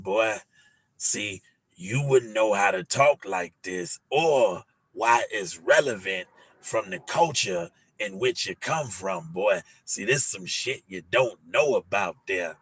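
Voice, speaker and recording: A man hosting an early-morning podcast livestream, talking in a slangy, teasing, animated way with many fillers. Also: fairly low pitch, breathy edge. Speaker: podcast host.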